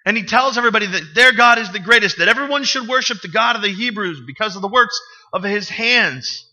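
Man, pastor, sermon, joking storyteller, very bright tone. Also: sits high, expressive, a little fast. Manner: conversational storytelling with humor, asks the congregation questions. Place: church sanctuary.

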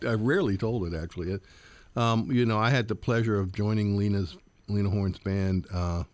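A man's voice: on the low side, brisk, a little mellow, dry recording. A man in his sixties, a jazz guitarist and professor, answering interview questions earnestly, with many fillers and repeats.

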